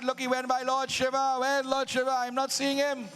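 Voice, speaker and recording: A man narrating a devotional epic to a live crowd in a drawn-out, preacherly way. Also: very high-pitched, flat delivery, fairly bright tone, faint music behind. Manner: preacherly, drawn-out dramatic phrasing. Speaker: Ramleela narrator.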